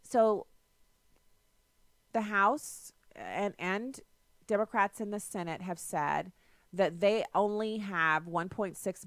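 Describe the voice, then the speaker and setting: A woman's voice: lowish voice, a bit bright, no echo. A woman hosting a political talk radio show, delivering a sarcastic, emphatic monologue into a studio microphone.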